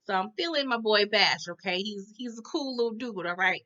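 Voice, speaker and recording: A woman's voice: mid-range voice, expressive, fairly quick, sharp tone. A woman recapping a TV episode in casual chat, with sassy slangy asides and lots of "you know" and "okay?" tags. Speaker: TV recap reviewer. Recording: dull lo-fi sound.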